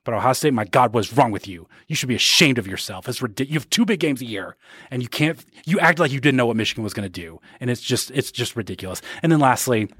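A man's voice: medium pitch, expressive, fast talker, fairly bright tone, breathy edge, no echo, clean studio sound. A man co-hosting a podcast, ranting sarcastically in casual chat. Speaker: podcast co-host. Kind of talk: casual pop-culture chat.

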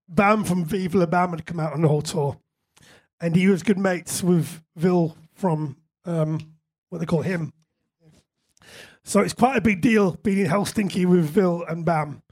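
An English musician with a high voice is a guest at a live on-stage Q&A. He tells chatty anecdotes, laughs a lot, and swears casually.

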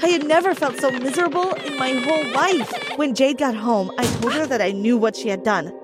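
A woman narrating a dramatic first-person story in an animated storytelling manner. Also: high-pitched, brisk, over loud music.

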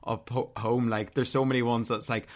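A man interviewing a guest in a relaxed, joking way. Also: medium pitch. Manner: laid-back, quick to laugh along. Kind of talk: casual chat.

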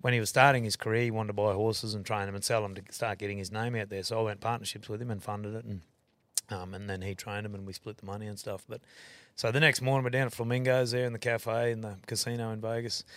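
A man's voice: lowish voice, a bit bright, no room sound. A man with an Australian accent, a podcast guest telling a rambling, swear-filled story and correcting himself as he goes. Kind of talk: casual storytelling.

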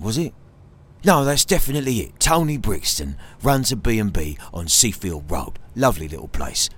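A British man telling an absurd comic tall tale in deadpan style, teasing a sidekick as he goes. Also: sits low, slightly rough. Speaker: comedian. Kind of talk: comic storytelling monologue.

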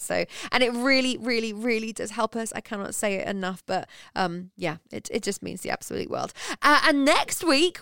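A woman co-hosting a podcast, chatting in a lively, animated way. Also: a little high, creaky, clear, resonant tone, no room sound, studio quality. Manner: chatty, animated retelling with acted quotes. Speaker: podcast co-host. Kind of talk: casual chat.

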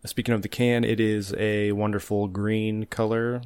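Laid-back guy on a podcast explaining stuff, low-ish voice, dry close sound. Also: normal speed, clear, resonant tone, no echo. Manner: relaxed, explains details, chuckles. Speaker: podcast co-host. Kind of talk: casual chat.

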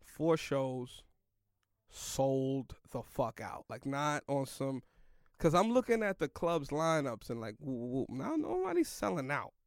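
A man's voice: on the high side, very animated, slow, clear, resonant tone, no room sound, studio quality. A young man, a comedian, telling a rambling story in loose slang, full of "like" and "yo". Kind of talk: casual storytelling in a podcast chat.

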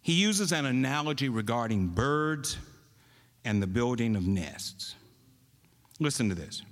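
A male pastor delivers a sermon at an unhurried pace, stressing words on purpose. His pitch swings widely as he exhorts. The sound carries a long hall reverb. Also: very animated. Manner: slow, emphatic reading with rising exhortations.

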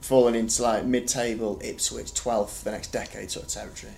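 A man's voice: fairly low pitch, little pitch movement, fairly quick, vocal fry, a little mellow. A man co-hosting a casual football podcast, chatty and wry. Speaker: podcast co-host.

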